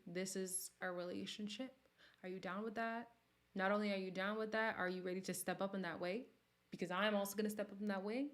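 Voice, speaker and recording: A woman hosting a casual livestream, reading viewer comments and talking frankly, her voice jumping from loud outbursts to soft near-whispers. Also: mid-range voice. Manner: candid and sassy, swings between loud bursts and near-whispers. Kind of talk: casual chat.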